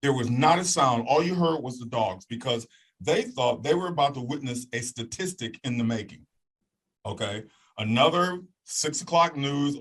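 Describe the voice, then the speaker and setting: A man with a slightly husky voice tells a story as a guest. His pitch rises and falls a lot as he acts out the moments. He keeps asking "okay?" to pull the listener along. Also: moderate pace, rough recording. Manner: lively, acts out voices and sounds, checks in with "okay?". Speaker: guest telling a personal testimony. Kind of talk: animated storytelling.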